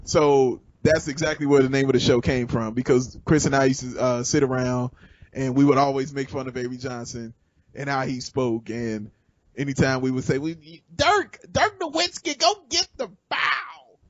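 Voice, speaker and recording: A man's voice: mid-range voice, flat delivery, moderate pace, a little mellow, dry recording, highs cut off. A man on a sports podcast as a guest, talking with enthusiasm and joking around. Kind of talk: casual sports talk chat.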